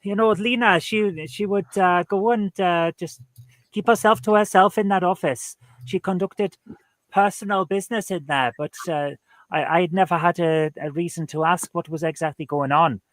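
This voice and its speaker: A man's voice: sits high, moderate pace, fairly bright tone, no room sound. A man voicing a discreet, chatty Welsh barman who rambles with friendly hesitations.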